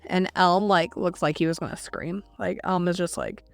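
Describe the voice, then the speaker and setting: A woman's voice: fairly low pitch, fairly even intonation, moderate pace, no echo. A woman co-hosting a podcast, casually recapping a novel's scenes, full of "like" and quoting characters as she goes. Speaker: podcast co-host. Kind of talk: casual book discussion.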